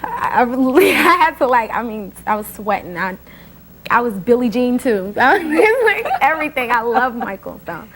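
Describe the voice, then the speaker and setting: A woman telling an excited, animated anecdote, often laughing. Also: on the high side, moderate pace, poor audio. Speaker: interviewee. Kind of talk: casual anecdote.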